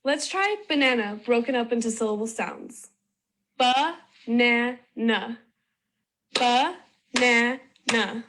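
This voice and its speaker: A woman presenting a children's phonics video in slow, clear, sing-song scripted narration. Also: a little high, lively intonation.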